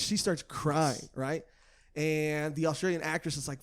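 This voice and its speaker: A man's voice: fairly high pitch, flat delivery, brisk, clear, resonant tone. A young man, a podcast host, telling a long rambling story in casual chat and swearing freely.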